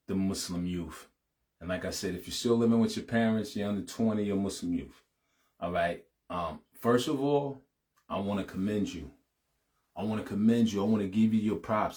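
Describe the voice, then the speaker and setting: Lowish-voiced middle-aged guy talking casual to his viewers, keeps saying man and you know what i'm saying, gets preachy and fast when he's urging them. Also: mellow. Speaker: channel host addressing his audience. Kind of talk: casual heartfelt live talk.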